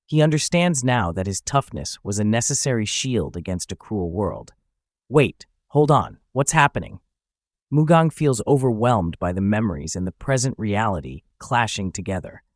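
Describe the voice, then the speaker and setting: Male recap narrator, low voice, animated delivery, dry close sound. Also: moderate pace, hardly any pauses, no room sound.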